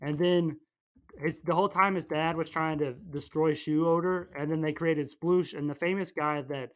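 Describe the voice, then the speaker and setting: A man's voice: on the high side, steady tone. A young man co-hosting a podcast, rambling through a comedic movie recap and popping into silly character voices. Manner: goofy, acts out characters in quick silly voices. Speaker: podcast co-host.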